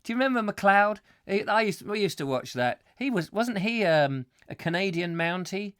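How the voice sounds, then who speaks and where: A man's voice: sits high, animated, normal speed, a bit bright, clean tone. A man from England hosting a live comic chat show, rambling and jokey. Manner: rambling, jokey, does silly voices.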